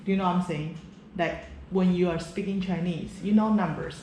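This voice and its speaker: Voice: mid-range voice, fairly even intonation, moderate pace, darkish tone. A trainer explaining pronunciation drills to new teachers, emphatic and often checking whether the listener follows. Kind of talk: casual instructional chat. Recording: echoey room, faint background noise.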